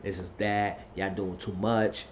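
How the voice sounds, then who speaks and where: A man giving a rambling, excitable casual recap of a TV episode. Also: fairly low pitch, unhurried. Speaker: TV episode reviewer. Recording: slightly dull lo-fi recording, faint noise.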